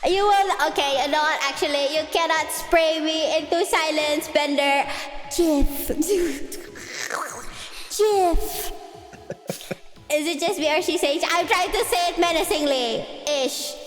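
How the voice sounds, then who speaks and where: A woman livestreamer with a high voice chats at a measured pace, giggly, playful, and teasing, on a close streaming mic. Her voice runs through an added heavy reverb with a long echo tail, and faint music plays in the background.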